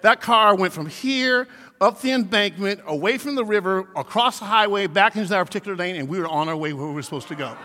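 Talking fast, a pastor gives a lively sermon and performs voices for the figures he quotes. He has a fairly high male voice, each phrase echoes with long hall reverb, and there's slight background noise.

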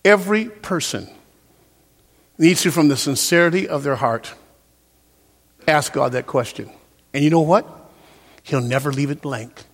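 A man preaching a sermon as a pastor in a church, swinging from loud, emphatic peaks down to soft, quiet passages. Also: fairly high pitch, a little slow, pauses often, big-room sound. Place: church sanctuary.

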